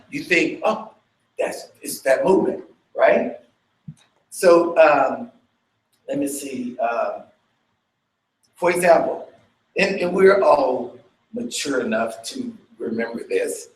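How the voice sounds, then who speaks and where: A male dance fitness instructor teaching a workshop, chatty, checking in with listeners and vocalizing beats and sounds with energy. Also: fairly high pitch. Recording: echoey room.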